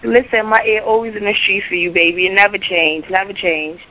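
A woman's voice: mid-range voice, fairly even intonation, brisk, a crowd in the background, rough recording. A woman calling in to a radio show, talking in a sultry, affectionate, slangy way. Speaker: caller.

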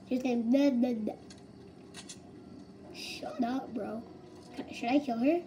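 A woman giving live gameplay commentary, excitable and slangy, with loud exclamations. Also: on the high side, measured pace, long pauses, over music. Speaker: gamer.

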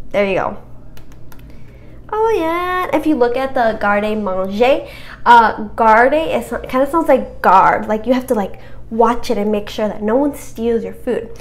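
High-voiced chatty young woman. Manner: chatty, cheerful, self-encouraging, stumbles over French words. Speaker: French vocabulary tutor. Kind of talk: casual quiz walkthrough.

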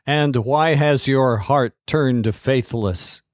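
A man voicing a calm, gruff male ranger commander who gives slow, measured orders. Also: mid-range voice, no echo, clean studio sound, close to an everyday voice. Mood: stern.

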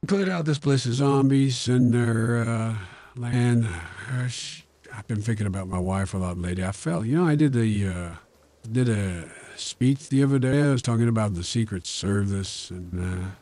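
A man's voice: medium pitch, normal speed, few pauses, mellow, voice pushed down. A man with a Yorkshire accent using an AI voice changer to voice a rambling, forgetful old American politician while commentating a game. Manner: mumbly, meandering. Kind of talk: gaming commentary in a put-on voice.

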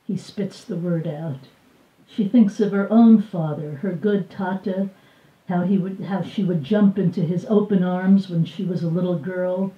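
An older woman reading from her own memoir at a bookstore event, measured and expressive, voicing the dialogue. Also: on the low side. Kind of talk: live book reading. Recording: roomy, distant, dull live recording.

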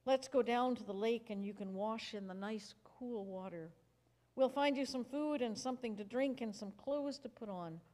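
A woman reading a Bible story aloud, voicing a calm, kindly man who heals, in a gentle, even storybook manner. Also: fairly high pitch, normal speed, natural voice. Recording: reverberant church hall.

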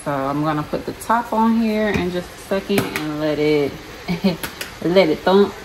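A young woman with a Southern US accent, chatting casually to the camera as she cooks in her home kitchen. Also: low voice. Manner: chatty, talks to camera while cooking. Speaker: home cook, vlogger. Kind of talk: casual cooking chat. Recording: background noise in a home kitchen.

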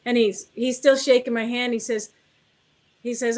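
A middle-aged woman who builds cars appears as a guest in a casual interview, telling animated anecdotes, acting out the dialogue, and laughing often. Her voice is on the high side at normal speed, with heavy background noise.

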